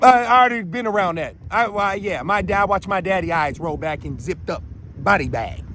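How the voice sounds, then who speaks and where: Brash high-voiced man in his thirties. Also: a bit bright, slight background noise. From Minneapolis, Minnesota. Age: 30s. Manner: brash, confrontational, stammering restarts. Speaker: show host. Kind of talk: unscripted monologue.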